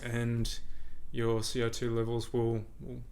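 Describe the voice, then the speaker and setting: A man hosts a podcast in a loose, friendly back-and-forth. His mid-range voice has a gravelly fry. He often laughs and leans on everyday examples to explain things. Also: mid-range voice, monotone, slow, a little mellow. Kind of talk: casual conversation.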